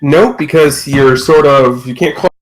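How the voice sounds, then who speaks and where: A man running a tabletop role-playing game as game master. He narrates in a loose, casual way, full of fillers, in an ordinary mid-pitched voice. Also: unhurried, rough recording.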